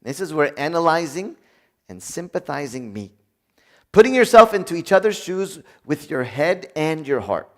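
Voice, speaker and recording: Animated man preaching with lively pitch. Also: normal speed. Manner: animated, acts out dialogue, jokes with audience. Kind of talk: sermon.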